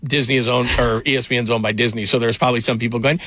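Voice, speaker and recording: A man's voice: mid-range voice, fairly even intonation, fast talker, heavy background noise. A middle-aged man hosting a sports radio show, telling stories in a loose, rambling way with fillers and laughs. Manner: rambling storyteller, frequent fillers and restarts, laughs often. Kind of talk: casual sports talk.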